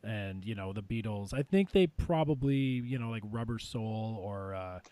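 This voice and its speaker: A man's voice: lowish voice, expressive, normal speed, warm tone, slight background noise. A man hosting a casual music podcast, talking in a rambling way with lots of fillers and easy laughter. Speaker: podcast host ranking albums. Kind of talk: casual chat.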